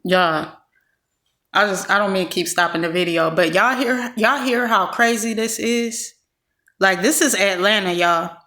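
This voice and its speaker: A woman's voice: medium pitch, measured pace, pushed and bright. A woman from California giving blunt, exasperated commentary straight to her viewers. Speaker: vlogger commenting on a clip. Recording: roomy echo.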